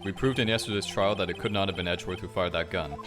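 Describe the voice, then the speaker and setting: A man's voice: sits low, music in the background, close to an everyday voice. A man reading a condescending prosecutor. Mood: haughty. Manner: condescending, measured.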